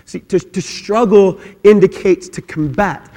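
High-voiced preacher ringing through a hall. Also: male voice. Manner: swings from quiet chatty asides to shouted, drawn-out emphasis; repeats words and phrases for emphasis. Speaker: pastor. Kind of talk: sermon. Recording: long hall reverb.

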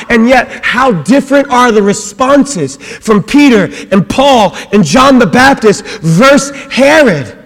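A man preaching a sermon as pastor, swinging between loud, forceful passages and quiet ones. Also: very high voice, lively intonation, takes it slowly, hardly any pauses, in a large hall.

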